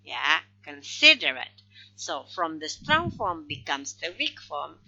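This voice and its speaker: Woman, phonology lecture, slow and explanatory, animated pitch, lo-fi recording. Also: slightly rough. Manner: slow explanatory, frequent "okay" check-ins. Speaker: phonology teacher. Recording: dull lo-fi recording.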